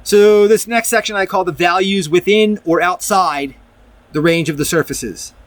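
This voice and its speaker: A math video presenter with a fairly high voice casually works through a proof at a moderate pace, rambling and often restarting sentences. He reads from a document and adds his own comments. The recording is dry and close, with no room sound or echo.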